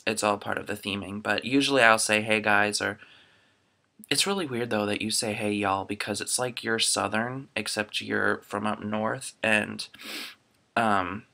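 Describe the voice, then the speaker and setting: A man's voice: on the low side, steady tone, a little slow, creaky, pushed and bright. A young man from Florida chatting casually through a dialect survey into his laptop webcam, rambling with lots of ums. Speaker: vlogger.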